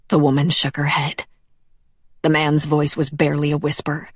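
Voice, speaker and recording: In a clean, echo-free studio recording, a woman with a low-sitting voice reads a dark fantasy audiobook. Her scripted narration is measured and even.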